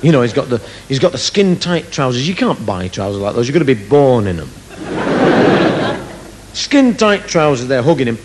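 A man's voice: medium pitch, big pitch swings, moderate pace, very noisy. A man doing stand-up comedy on a theatre stage, rambling through a story and laughing at his own jokes.

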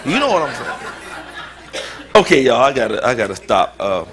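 A man's voice: medium pitch, very animated, normal speed, over music. A pastor preaching a sermon in a joking, informal way, often laughing as he talks. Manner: informal, colloquial speech.

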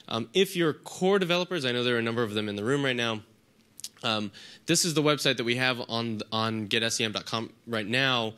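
A man's voice: lowish voice, pushed and bright. Man with a sick, nasal voice. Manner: hesitant, many ums and restarts. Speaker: conference speaker giving a lightning talk. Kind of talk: casual conference talk. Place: conference room with audience.

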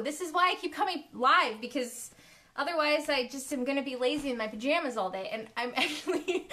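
A woman hosting a live paint pouring demo from her home studio, chatting with viewers in a giggly, easily excited way. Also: high voice, normal speed. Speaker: art studio host. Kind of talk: live craft demo chat. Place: home studio, dogs in the house. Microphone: live stream from a phone or camera.

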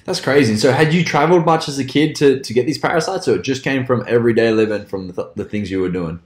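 A man's voice: medium pitch, fast. A man hosting a casual interview, asking questions and reacting with short encouraging interjections. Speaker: podcast host. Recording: roomy echo.

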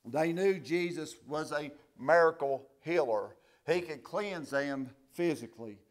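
Preacher guy, slow and deliberate, kinda high voice, gets loud on the big points. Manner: slow, swells from quiet reading to loud preaching. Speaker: pastor. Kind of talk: sermon.

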